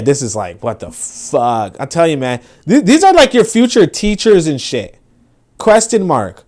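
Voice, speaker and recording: Animated, profane man hosting commentary. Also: fairly high pitch. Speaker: podcast host. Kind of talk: casual commentary.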